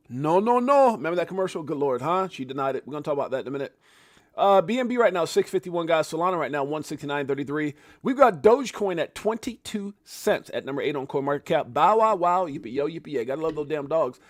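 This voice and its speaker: A middle-aged man hosting a casual live crypto market rundown, joking and animated, swearing casually and shouting out viewers. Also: sits high, no echo, clean studio sound. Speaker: crypto livestream host.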